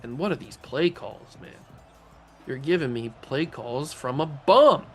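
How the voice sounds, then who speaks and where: A man's voice: mid-range voice, measured pace, faint music behind. Joking man narrating his own gameplay. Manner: joking, self-talking, swings between mutter and excited yells. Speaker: gaming channel host. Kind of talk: video game play-by-play commentary.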